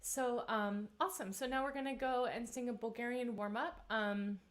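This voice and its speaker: A woman in her thirties, a vocal coach leading a live-streamed singing warm-up, chatty and encouraging, with many fillers. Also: fairly high pitch, steady tone, normal speed.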